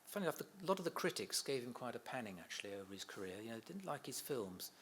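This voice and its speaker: A man's voice: mid-range voice, very animated, fast, a bit bright. A middle-aged man shares stories about his father in a chatty interview. He laughs often and acts out the quotes as he goes. A faint noise sits under the recording. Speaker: interviewee, son of a comedian. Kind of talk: anecdotal interview chat.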